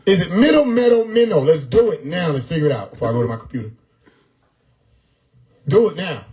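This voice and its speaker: A man hosting a live stream, riffing loudly on chat comments with frequent laughter and profanity. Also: a little high, expressive, fairly quick, a crowd in the background, low-quality recording. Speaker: livestream host reading chat. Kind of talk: casual livestream chat. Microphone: phone or desktop mic on a live stream.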